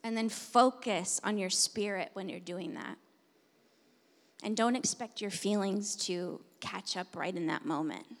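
A woman pastor preaching a sermon, moving between hushed, intimate passages and loud, forceful declarations. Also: medium pitch, measured pace, creaky. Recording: long hall reverb.

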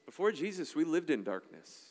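A man's voice: on the high side, very animated, moderate pace, a little mellow, big-room sound. A man preaching a sermon in a conversational, emphatic style, checking in with the congregation often. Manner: emphatic, conversational preaching with frequent "all right?" asides. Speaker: pastor.

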